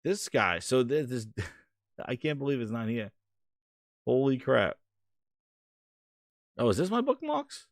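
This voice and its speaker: Excitable, lively-voiced stream host. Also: male voice, medium pitch, slow, long pauses, no echo, clean studio sound. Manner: rambling, excitable, swears casually. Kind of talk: casual live-stream chat.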